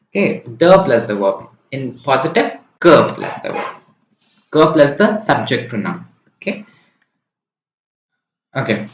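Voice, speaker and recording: A man's voice: mid-range voice, a little hiss or hum. Man tutoring French in a roomy space. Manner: explains step by step, often checking in with "right?" and "okay?". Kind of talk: online exam-prep lesson. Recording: roomy, dull lo-fi recording.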